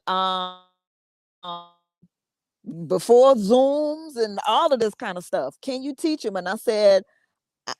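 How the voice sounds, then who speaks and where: A woman hosting a show, sharing a personal story in a casual, halting way with many repeats and laughs. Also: mid-range voice, dry recording. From United States. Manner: conversational, repeats words, laughs often. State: emotional, fighting tears. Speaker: podcast host.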